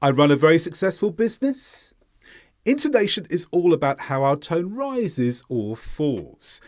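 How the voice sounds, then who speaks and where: Man teaching with lively, bouncing intonation. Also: on the high side. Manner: clear, deliberate delivery with lively intonation. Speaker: English teacher. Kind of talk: teaching lesson.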